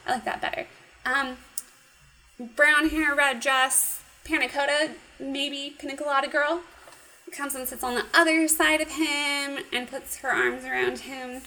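A woman casually recapping a cartoon episode, animated and giggly, acting out the characters' lines. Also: high voice, unhurried, low-quality recording. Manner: animated retelling with acted quotes, giggly. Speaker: podcast co-host.

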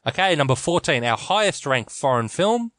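A man's voice: a little high, sing-song, moderate pace, a bit bright, dry recording. A man co-hosting a podcast, chatting casually and enthusiastically. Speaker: podcast co-host. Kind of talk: casual chat.

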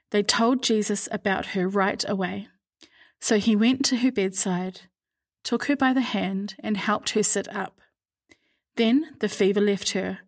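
Woman reading scripture aloud, measured. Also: medium pitch. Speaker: Bible reader.

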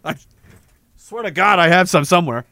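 A man's voice: sits high, normal speed, creaky, bright, forceful tone, no echo. Profane, rambling male stream host. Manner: profane, rambling, laughs often. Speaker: stream host reading viewer messages. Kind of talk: casual livestream chat.

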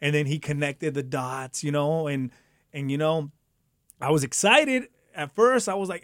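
A man's voice: fairly high pitch, normal speed, no room sound, clean studio sound. A man casually telling his life story, acting out the voices of the people in it and laughing often. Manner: animated, acts out voices in quotes, laughs often. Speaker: guest telling his testimony.

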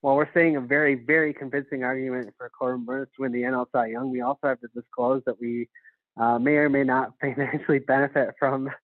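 A man's voice: mid-range voice, little pitch movement, a little fast, no room sound, phone-quality sound. A man from Wisconsin co-hosting a podcast, joking around in casual, chatty talk. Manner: jokey, chatty. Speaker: podcast co-host. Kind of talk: casual chat.

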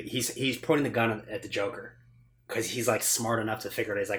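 A man co-hosting a podcast, telling stories in a casual, animated way and swearing often. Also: fairly low pitch, normal speed, slight background noise. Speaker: podcast co-host. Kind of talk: casual chat.

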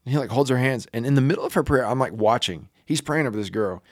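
Lively casual preacher man. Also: medium pitch, fast talker, no echo, studio quality. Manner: casual, loose, heavy on fillers. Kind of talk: personal storytelling in a conversation.

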